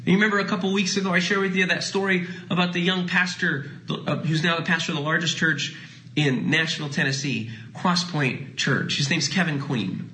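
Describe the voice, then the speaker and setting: A pastor preaching a sermon, swinging between lively emphasis and soft, drawn-out phrases. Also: male voice, a little high, slight background noise, rough recording. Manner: dynamic preaching, drops to soft hushed phrases.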